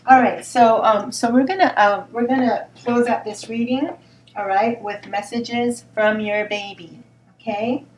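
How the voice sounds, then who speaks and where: A woman giving a spoken tarot reading in a gentle, reassuring tone, often repeating words and asking "all right?". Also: fairly high pitch, fairly even intonation, measured pace. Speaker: tarot reader. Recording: roomy sound from a distance, faint noise.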